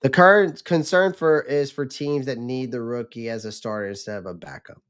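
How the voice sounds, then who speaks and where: Male streamer, casual rambling commentary, slightly strained voice, smooth and clear tone. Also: mid-range voice, normal speed, a bit bright. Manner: loose, rambling, with many restarts and fillers. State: losing his voice. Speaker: livestream host.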